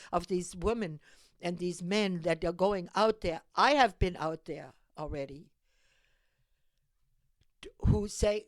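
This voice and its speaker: A woman's voice: lowish voice, dry recording. A woman hosting her own show, giving an impassioned monologue that urges listeners to get engaged. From Europe. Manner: urgent, exhorting, emphatic repetitions. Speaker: host of a civic call-to-action show. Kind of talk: impassioned direct-to-camera monologue.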